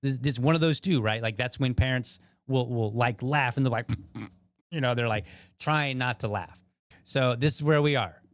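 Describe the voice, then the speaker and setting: Casual commentary on a viral video comes from a male podcast host with a mid-range voice at normal speed. He muses aloud as he goes, peppering his talk with asides to the audience.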